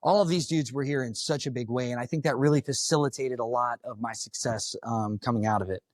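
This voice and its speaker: A man's voice: mid-range voice, fairly quick, no room sound. A man from Florida, a firefighter, telling his own story to a live audience in a blunt, casual, profane way. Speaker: firefighter giving a talk. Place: conference room.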